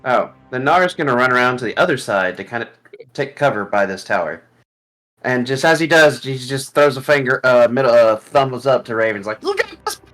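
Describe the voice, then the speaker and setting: A man's voice: medium pitch, fairly quick, a bit bright. A man playing a tabletop game, hesitant with many fillers and playful. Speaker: player. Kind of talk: casual tabletop game play.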